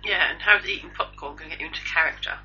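A woman's voice: sits low, very fast, pushed and bright. A woman co-hosting a casual homemade news chat, reading out gossip items with dry jokes. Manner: dry, joking news rundown. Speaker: podcast co-host. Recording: lo-fi home recording.

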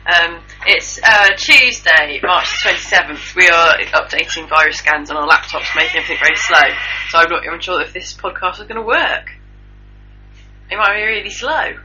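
A woman's voice: lowish voice, moderate pace, sharp tone, faint music behind. A woman co-hosting a podcast in casual, dry chat. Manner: chatty, dry, swears casually. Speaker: podcast co-host. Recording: dull lo-fi podcast recording.

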